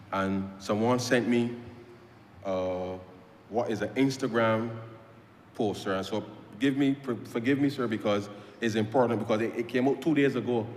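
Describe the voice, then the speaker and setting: Barbadian MP speaking in an echoing chamber. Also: male voice, medium pitch, a little mellow, a little hiss or hum. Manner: emphatic, repetitive, addresses "sir" nearly every phrase. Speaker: member of parliament. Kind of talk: parliamentary speech. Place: legislative chamber. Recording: echoey chamber with long reverb.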